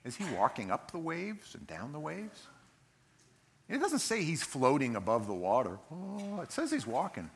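A man preaching a sermon, telling a Bible story in an animated way and acting out its scenes as he goes. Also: medium pitch, normal speed, slight background noise.

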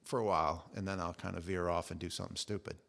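Animated man preaching a sermon. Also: fast talker, gravelly. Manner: animated storytelling, acting out quotes with jumps in pitch and volume. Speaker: pastor.

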